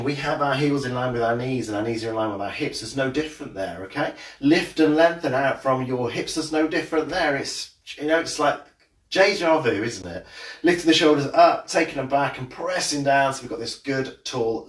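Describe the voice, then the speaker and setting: A man leading a live-streamed movement class from his home, greeting viewers by name with jokes before calmly cueing posture and exercises. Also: medium pitch, reverberant, distant mic. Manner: chatty, jokey greetings to viewers, then steady cueing. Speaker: fitness instructor. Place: home room.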